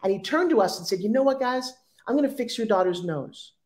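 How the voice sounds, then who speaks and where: A woman in her fifties with a Long Island accent tells her life story as an interview guest. She is animated and slips into the voices of the people in her stories. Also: a little high, brisk. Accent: Long Island New York.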